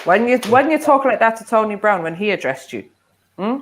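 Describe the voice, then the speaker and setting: A woman on a live online panel scolding a troll and telling him to be quiet. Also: fairly high pitch, lively intonation, brisk, slight background noise. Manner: scolding, dismissive. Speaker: panel participant.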